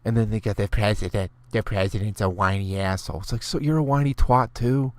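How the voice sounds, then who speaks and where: Low, dry-voiced man ranting profanely. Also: a little fast, a little mellow, dry recording. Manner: mimics people in a snooty clipped voice. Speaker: comedian podcast host. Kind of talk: solo podcast rant. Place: on tour, recording alone.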